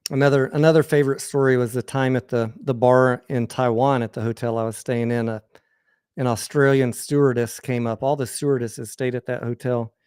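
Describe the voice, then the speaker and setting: A man's voice: medium pitch, fairly even intonation, fairly quick, darkish tone, smooth, dry recording, studio quality. Candid rambling American man telling stories. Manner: candid, rambling, crude anecdotes with frequent restarts. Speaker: host. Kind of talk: casual storytelling on a livestream.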